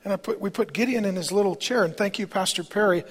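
Husky man preaching in a reverberant hall. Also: high-pitched, quick pace. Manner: candid, conversational, emotional personal storytelling. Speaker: pastor. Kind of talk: storytelling sermon. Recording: long reverb of a large hall.

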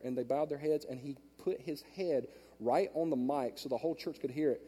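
High-voiced preacher man in a reverberant hall. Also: fast, few pauses, breathy edge. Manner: storytelling preacher, swings from hushed asides to loud emphatic peaks. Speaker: pastor. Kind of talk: sermon. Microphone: handheld mic.

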